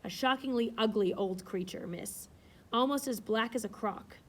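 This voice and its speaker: A woman's voice: on the high side, moderate pace, fairly bright tone. A woman reading aloud, voicing a nervous, deferential male footman.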